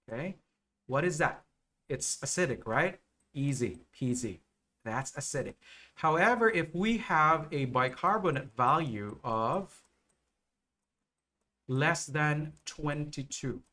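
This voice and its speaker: A man teaching nursing exam material on a live stream, explaining slowly and checking in with viewers often. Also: medium pitch, pushed and bright. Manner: slow, repetitive explaining with frequent okay and right checks.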